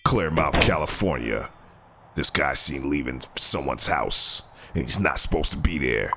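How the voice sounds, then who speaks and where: A man hosting a comedic doorbell-camera clip show, calmly announcing places, then shouting and heckling the people in the clips. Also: normal speed, a little hiss or hum. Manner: heckles people on screen, shouting "get lost"; lively pitch swings, calm place announcements. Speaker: host narrating doorbell clips. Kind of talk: comedic commentary over video clips.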